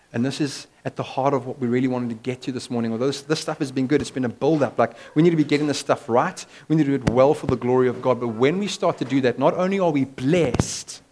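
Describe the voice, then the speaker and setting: A man's voice: medium pitch, darkish tone. A man preaching a sermon as pastor, in an emphatic, conversational way.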